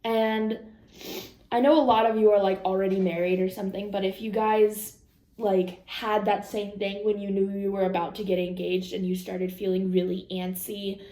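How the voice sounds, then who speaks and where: A woman's voice: medium pitch, little pitch movement, moderate pace, warm tone. A young adult woman talking candidly and rambling in a casual vlog, laughing often and quoting her own and others' words. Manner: candid, rambling, with frequent laughs and quoted asides. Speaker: vlogger. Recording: echoey room.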